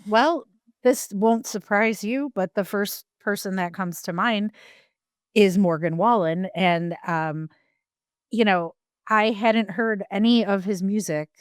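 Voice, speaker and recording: A woman's voice: mid-range voice, takes it slowly, clear, resonant tone, no echo, clean studio sound. A woman co-hosting a podcast in casual chat, frank and rambling, with many ums and restarts.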